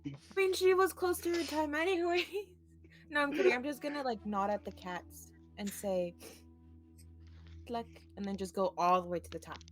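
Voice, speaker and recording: A woman's voice: sits high, moderate pace, soft background music. A woman player in a tabletop game, giggly and teasing. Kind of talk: casual tabletop play.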